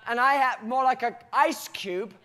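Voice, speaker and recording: A British man preaching, telling a personal story with animated delivery and frequent laughter. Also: extremely high pitch, a little slow. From Britain.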